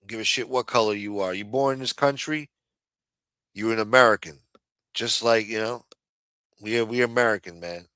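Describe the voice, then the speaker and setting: Male stream host, smooth resonant voice, dry close sound, heated and profane. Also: lowish voice, moderate pace, long pauses, pushed and bright, no echo. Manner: heated, profane, repetitive, then apologetic. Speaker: livestream host. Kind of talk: profane political rant on a stream.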